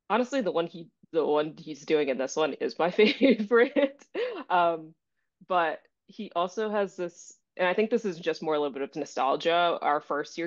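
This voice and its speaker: A young woman chatting casually as a podcast guest, amused, on dull lo-fi audio. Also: fairly low pitch. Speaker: guest, mock trial competitor.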